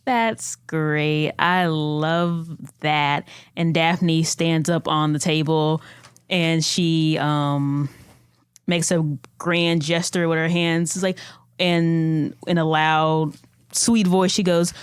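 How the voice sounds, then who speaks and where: A woman playing a tabletop role-playing game, drawing out her lines playfully and jumping high when she speaks in character. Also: fairly even intonation, smooth, no room sound. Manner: playful, slow, drawn-out character voice with high squeaky lifts. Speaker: player.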